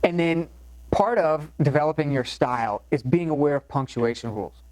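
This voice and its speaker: A man's voice: fairly high pitch, moderate pace, a little mellow, dry recording, low-quality recording. A man teaching a recorded college writing lecture in a loose, conversational way, with frequent fillers and restarts. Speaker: course instructor.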